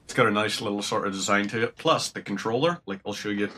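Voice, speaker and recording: A young man from Northern Ireland, with the accent to match, streams a game while chatting casually and rambling, swearing now and then. His lowish voice is fast and sharp, with a little hiss or hum in the audio.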